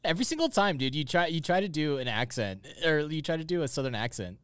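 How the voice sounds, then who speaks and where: A man's voice: on the high side, sing-song, fast talker, a bit bright, clean tone, dry recording. A man hosting a casual gaming podcast, giving upbeat, hype-style introductions and teasing his co-hosts. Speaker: show host.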